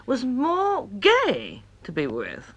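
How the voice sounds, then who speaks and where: A woman recalling a friend in an expressive way, savouring her words. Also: a little high, takes it slowly, highs cut off. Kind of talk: spoken reminiscence.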